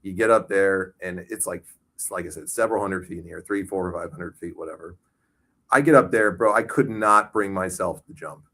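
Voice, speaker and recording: Guy podcasting, lowish voice, swears a ton, goes loud when he quotes himself. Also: fairly quick. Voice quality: profane, storytelling, loud bursts of quoted shouting. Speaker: podcast co-host. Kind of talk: casual chat.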